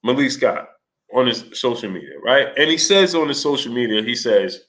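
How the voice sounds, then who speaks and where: Bright-voiced man hosting a casual livestream. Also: medium pitch, animated, moderate pace. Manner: greets chat viewers by name, rising to exasperated outbursts. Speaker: livestream host.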